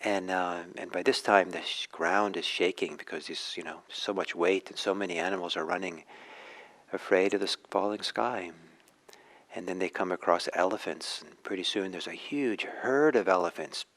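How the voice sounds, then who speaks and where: Deep gravelly-voiced male meditation teacher. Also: expressive, rough recording. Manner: gentle, unhurried, with hesitations. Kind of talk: dharma talk storytelling.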